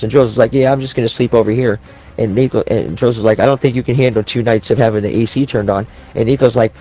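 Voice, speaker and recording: A man's voice: mid-range voice, fast talker, a little mellow, soft background music. A heated, swearing man ranting. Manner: profane, rambling, heated retelling of quoted dialogue. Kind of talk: ranting storytelling.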